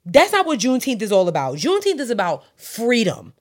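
A woman's voice: on the high side, huge pitch swings, a little fast. A young adult woman podcast co-host, making her point emphatically in casual chat. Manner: emphatic, opinionated explaining.

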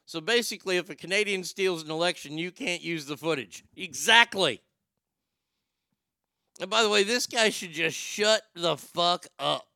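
A man's voice: fairly high pitch, moderate pace, gravelly, sharp tone, clean tone, no room sound, studio quality. A man hosting a comedic news commentary show, rambling sarcastically and swearing freely. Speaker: show host.

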